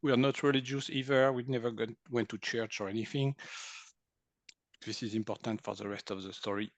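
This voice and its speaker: A French-accented man in his sixties, English being his second language, recounts his experiences as an interview guest. He is animated, laughs often and acts out what people said, with a medium-pitched voice. The sound is close and dry. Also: brisk, no echo. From France. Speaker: guest, energy healer. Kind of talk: storytelling interview.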